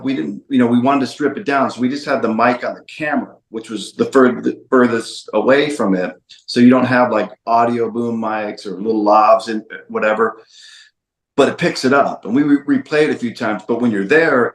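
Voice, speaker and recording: A man's voice: mid-range voice, reverberant. A man, a documentary filmmaker guest, tells a story in an interview with emphatic repetitions. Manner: emphatic, repeats phrases for stress.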